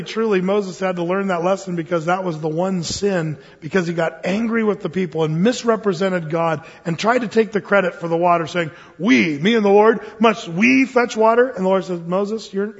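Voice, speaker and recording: Animated storytelling drives this pastor's sermon as he voices each person in his tales in his high-pitched voice. The sound is muffled and echoes with long hall reverb.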